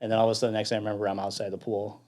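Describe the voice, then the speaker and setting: A man's voice: fairly low pitch, little pitch movement, racing, a little mellow. A man with a Chicago accent, a firefighter guest, telling a story in casual chat, laughing often and swearing freely.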